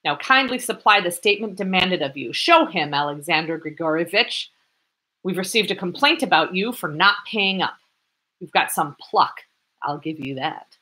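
A woman voicing a hot-tempered male police lieutenant who shouts indignantly. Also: fairly low pitch, animated, moderate pace. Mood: indignant shouting.

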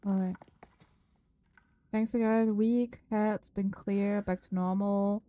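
A woman's voice: medium pitch, flat delivery, slow, mellow, low-quality recording. A woman live-streaming a horror game, chatting with viewers, swearing freely and shrieking at scares.

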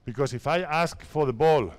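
A man in his fifties from Spain, a basketball coach speaking halting English with a Spanish accent as he directs players through drills at a clinic. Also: fairly high pitch. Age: 50s. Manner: halting non-native English, repeats phrases, directs players.

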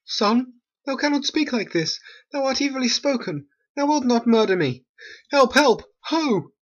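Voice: sits high, sing-song, measured pace, exaggerated voice. A performer doing a worried queen mother, dull lo-fi sound. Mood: frightened. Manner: plain amateur verse reading. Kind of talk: amateur animated play voice-over.

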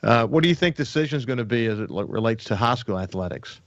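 A man's voice: mid-range voice, animated, fast talker, dry recording, muffled recording. A man hosting a radio talk show, chatting casually with a guest and trailing through fillers. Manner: rambling, with fillers and restarts.

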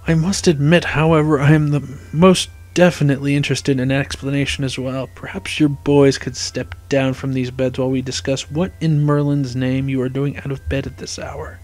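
A man reading aloud, voicing an old wise headmaster who speaks softly and sternly. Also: mid-range voice, flat delivery, normal speed, few pauses, dry recording, soft background music, close to an everyday voice. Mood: calm. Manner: soft, stern. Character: old wise male headmaster, calm and twinkling.

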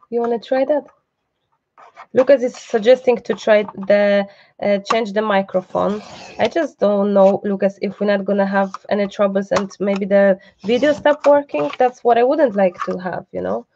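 A woman leads a live craft tutorial with a slightly gravelly, fry-tinged voice, chatting and reassuring as she works. She breaks off now and then for asides to someone behind the camera. The live-stream audio comes through dull and muffled. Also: medium pitch, fairly even intonation, normal speed, dark tone, a little hiss or hum. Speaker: craft teacher hosting a live online class.

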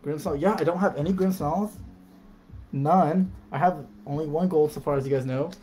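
A young man streaming live, casually calling out cards as he opens packs and breaking into excited shouts at good pulls. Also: on the high side, moderate pace, faint music behind. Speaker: card-opening streamer. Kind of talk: live card pack opening.

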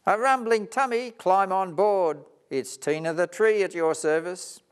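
An eager, ever-helpful tree lady from a storybook, as a man puts her on bursts out in high, excited cries. Her voice leaps up far above a normal man's and swings widely. She talks in slow, delighted stretches. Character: eager cheerful female tree, always helping.

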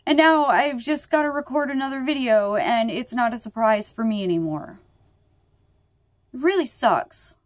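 A woman's voice: on the high side, expressive, normal speed, no room sound. A young woman talks casually to her viewers while lying in bed. She rambles, sounds upset and keeps apologizing. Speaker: vlogger. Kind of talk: casual vlog talk to viewers.

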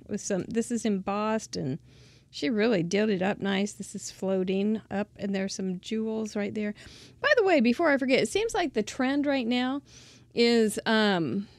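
A chatty woman with a fairly high voice hosts a casual craft show-and-tell. She gushes over what she shows and laughs often. The sound is close and dry, with no room echo. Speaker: craft channel host.

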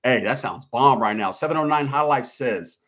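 A man's voice: mid-range voice, normal speed, a bit bright. A man hosting a casual livestream, reading out viewer comments in a slangy, laid-back way. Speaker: livestream host.

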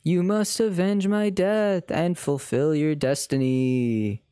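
A man voicing a solemn old British mentor ghost, talking slowly and grandly with a put-on British accent that drifts toward Scottish. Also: on the high side, fairly even intonation, warm tone, clean tone, no room sound, clean studio sound. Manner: slow, grand, broken by coughing fits.

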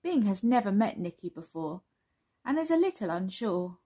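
A woman reading a children's story aloud, gentle and expressive. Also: medium pitch, normal speed, slightly rough.

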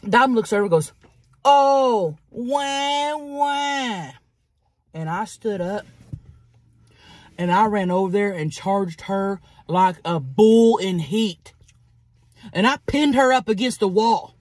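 A woman vlogger telling a crude story in a fast, animated way while eating. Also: medium pitch, dry recording.

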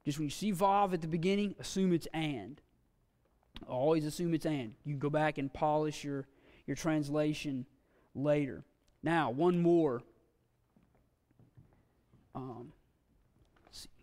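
A man teaching a Bible language class in a church classroom, folksy and halting, with frequent fillers and restarts. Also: on the high side, a little mellow. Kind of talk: classroom lecture. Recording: long reverb from a hall.

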